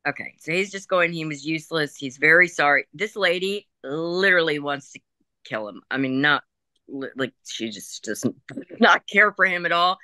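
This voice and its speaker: Chatty, bright-voiced woman medium. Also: low-pitched, animated, normal speed, dry recording. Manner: chatty, laughing, relays messages in quoted voices. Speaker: psychic medium. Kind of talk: group reading session.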